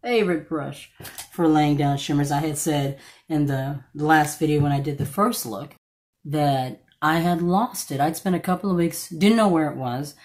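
Low-voiced woman, croaky from allergies. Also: moderate pace, a little mellow. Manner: chatty, stops to correct herself. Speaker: beauty vlogger. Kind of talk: casual makeup tutorial chat.

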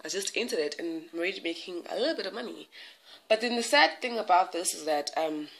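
A woman's voice: fairly low pitch, expressive, quick pace, gravelly, a little hiss or hum. A young woman from South Africa with a South African accent, chatting dramatically and mocking herself in a casual vlog. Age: young adult. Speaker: vlogger.

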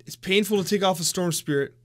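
A man giving casual, excitable commentary over his own game, often mocking himself and groaning at bad plays. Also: high-pitched, fast, soft background music. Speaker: gameplay commentator.

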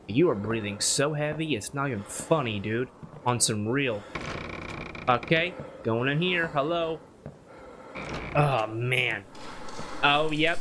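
A man talks his way through a horror game, nervous and jittery. His fairly high voice swings wildly up and down, muttering worries that leap into sudden yelps. A steady hiss of noise sits under the recording. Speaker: gaming YouTuber.

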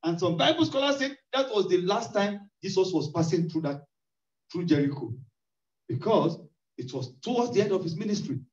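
A man delivers a sermon in a strikingly high voice, leaning on repetition and rising cries for emphasis. He sounds distant from the mic in an echoey church hall. The recording is muffled and lo-fi. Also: expressive, moderate pace, darkish tone. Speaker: preacher.

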